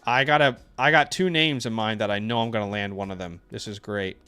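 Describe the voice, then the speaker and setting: A man's voice: fairly low pitch, a little fast, clean tone. Casual man chatting over faint music. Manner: relaxed, laughs easily, emphatic opinions. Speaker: co-host of a fantasy football stream. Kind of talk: casual live-stream chat.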